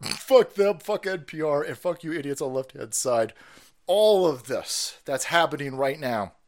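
A man ranting profanely and mockingly on his own stream as its host, laughing often. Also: on the high side. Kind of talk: profane political rant.

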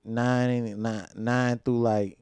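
A man's voice: medium pitch, flat delivery, takes it slowly, darkish tone, clean tone, no echo, studio quality. A young man, telling stories in a laid-back, slangy way on a casual podcast chat. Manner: laid-back storytelling, slangy, laughs often. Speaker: podcast co-host.

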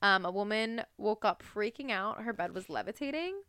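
A woman's voice: mid-range voice, expressive, moderate pace, a bit bright, clear, resonant tone, no echo. Young female podcast host, chatty and filler-heavy, recorded dry and close. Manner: chatty, many "like" fillers, breaks into laughter. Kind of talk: casual true-crime and ghost story chat.

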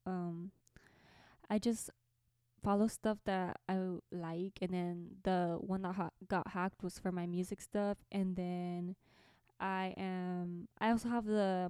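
A woman's voice: on the low side, warm tone, clear, resonant tone, no room sound, clean studio sound. A young woman hosting a podcast, telling a story to camera in a chatty way, laughing often, in a small bedroom. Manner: chatty, laughing, lots of fillers. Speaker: podcast host and musician. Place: small orange bedroom by a window.

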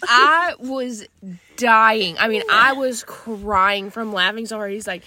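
A woman's voice: a little high, slow pace. A young woman co-hosting a casual chat podcast, retelling a story with frequent laughter. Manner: laughs through her story, animated retelling. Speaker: podcast co-host.

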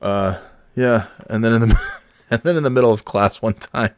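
A man's voice: fairly low pitch, moderate pace, clean tone, no echo, clean studio sound. A man telling a story in a loose, rambling way, full of restarts, swearing and exasperation. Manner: rambling, profane, self-correcting and exasperated. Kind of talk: casual storytelling monologue.

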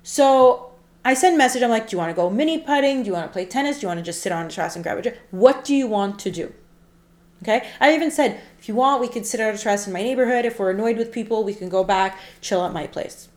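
A woman's voice: a little high, fast talker, roomy sound. A woman co-hosting a casual chat show, telling a dating story and acting out the texts she got. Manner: animated, acts out quoted texts. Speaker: podcast co-host.

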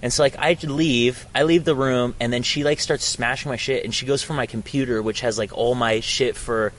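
A man's voice: mid-range voice, steady tone, normal speed, slight background noise. Slangy young man telling a wild story. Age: young adult. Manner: slangy, profane, says "dude" and "bro" a lot. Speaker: podcast host. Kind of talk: casual storytelling chat. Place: outdoors on a college campus.

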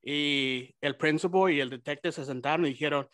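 A young man hosting a podcast, telling a profane, animated story full of quoted dialogue, casually mixing English and Spanish. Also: a little high, fast talker, dry recording. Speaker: podcast host.

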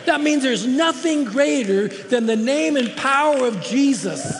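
A man's voice: very high voice, animated, measured pace, in a large hall, background noise. A man preaching a sermon as a guest preacher in a church, impassioned and emphatic, repeating words for stress. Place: church sanctuary.

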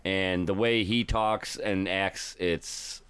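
A man's voice: deep voice, steady tone, takes it slowly, fairly bright tone, smooth. A man from Ohio, a truck driver, chatting casually on a podcast, rambling with lots of filler words and restarts.

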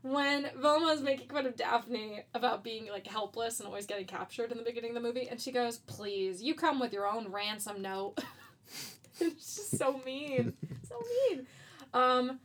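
A chatty woman co-host with a slightly high voice, laughing often and dropping curse words freely. She talks in a loose, casual way. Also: steady tone, normal speed, fairly bright tone. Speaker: podcast co-host. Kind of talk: casual chat.

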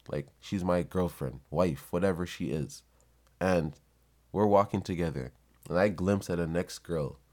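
A man's voice: low voice, darkish tone. A young man telling a blunt, profane story in a casual monologue. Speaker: vlogger.

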